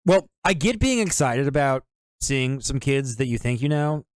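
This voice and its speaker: A man's voice: medium pitch, animated, moderate pace, smooth. A man co-hosting a casual movie review podcast, laid-back and profane. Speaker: podcast co-host.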